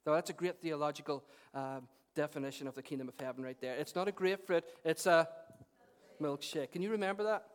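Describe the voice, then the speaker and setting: A man preaching an animated, humorous sermon to a congregation, talking to people by name. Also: fairly high pitch, fast, clean tone.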